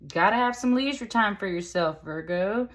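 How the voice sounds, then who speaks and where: A woman's voice: mid-range voice, animated, moderate pace. A woman giving a casual tarot reading, chatty and rambling, with lots of fillers. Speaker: tarot reader.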